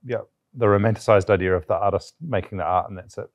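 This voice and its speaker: A man's voice: on the low side, fast talker, no room sound. Playful male podcast co-host. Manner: playful, laughs often, short interjections. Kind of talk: casual podcast chat.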